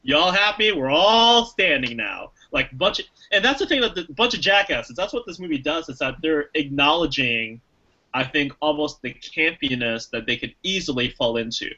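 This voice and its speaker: A man co-hosting a casual podcast, talking through a film in long rambling stretches full of restarts and fillers. His voice is bright and forceful, and he slips into little acted quotes along the way. The recording sounds a bit dull and lo-fi. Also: a little high, expressive, normal speed. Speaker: podcast co-host. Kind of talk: casual movie review chat.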